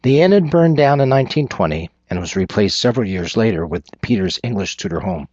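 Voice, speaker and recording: A man narrating a thriller audiobook in a measured, descriptive way. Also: lowish voice, expressive, darkish tone, slightly rough, no echo. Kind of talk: scripted narration. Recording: dull lo-fi recording.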